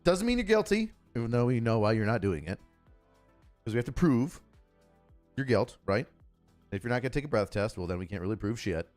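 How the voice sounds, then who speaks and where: A man's voice: mid-range voice, sing-song, brisk, long pauses, a little mellow, soft background music. A man from Buffalo, a former cop giving casual, profane livestream commentary and telling stories in a blunt way. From Buffalo, New York. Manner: blunt, profane, storytelling with acted dialogue. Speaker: retired police officer commentating news.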